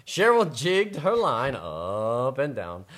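A man's voice: mid-range voice, slow. A man reading a picture book aloud on a podcast, playful and joking. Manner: playful, joking, lively storyteller. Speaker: podcast co-host reading the story.

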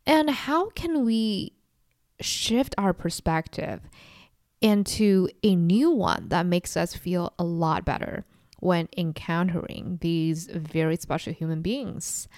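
A woman's voice: on the low side, slow, darkish tone, no echo, studio quality. A woman in her twenties hosting a solo podcast, talking in a reflective, confiding way and sometimes mimicking people sarcastically. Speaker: podcast host.

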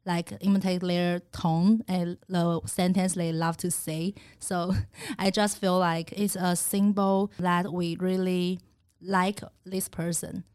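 A woman with a Taiwanese accent and native Mandarin, speaking English on a podcast in a thoughtful, gentle way with halting grammar. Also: lowish voice, level tone, smooth, no echo, clean studio sound. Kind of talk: casual podcast chat.

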